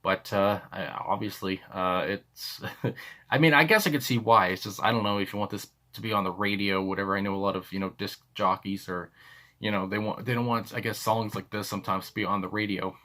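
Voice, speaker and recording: A man's voice: on the low side, steady tone, a little fast, pushed and bright. A man with a Canadian accent, hosting a music reaction video in rambling, casual commentary full of fillers and chuckles. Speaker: music reaction channel host.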